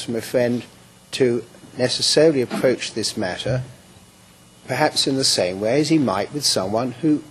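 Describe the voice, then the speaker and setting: A man's voice: lowish voice, a little hiss or hum, poor audio. A man arguing as defence counsel in a courtroom, formal and hesitant, with frequent restarts. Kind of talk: courtroom argument.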